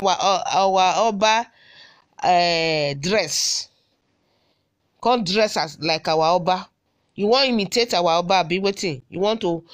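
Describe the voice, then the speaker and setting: A woman with a Nigerian Benin accent recording a scolding audio message, firing off repeated rhetorical questions. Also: medium pitch. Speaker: social media commentator.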